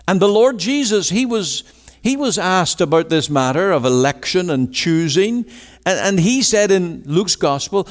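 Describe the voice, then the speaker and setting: A man's voice: on the high side, lively intonation, measured pace, long reverb tail. A man preaching a sermon and posing rhetorical questions to his listeners.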